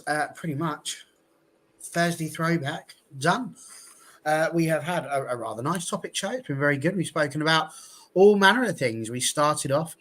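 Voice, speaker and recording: Chatty host wrapping up a show. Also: male voice, fairly high pitch, fairly bright tone. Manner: rambling, chatty, many filler ums. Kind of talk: casual panel show sign-off.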